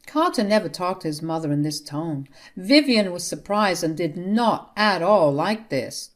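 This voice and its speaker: A woman narrating a first-person family drama story in a steady, indignant way. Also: lowish voice, unhurried, hardly any pauses.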